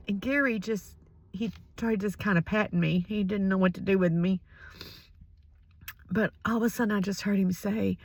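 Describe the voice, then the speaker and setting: An older woman sharing a personal faith story, emotional and halting, often sinking to a whisper. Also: mid-range voice, a bit bright, no room sound. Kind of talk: personal spoken reflection.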